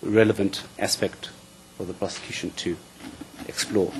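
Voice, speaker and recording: A man's voice: sits low, flat delivery, normal speed, a little hiss or hum. A man acting as prosecution counsel in court, formal, often repeating words as he begins. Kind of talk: courtroom questioning.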